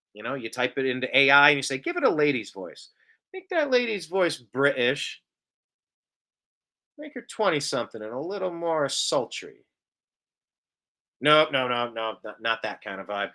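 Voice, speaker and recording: A man's voice: medium pitch, sharp tone. A man hosting a casual live show, reading out viewer comments and drifting into long, rambling tangents. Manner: rambling, tangential, self-described bloviator. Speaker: show host.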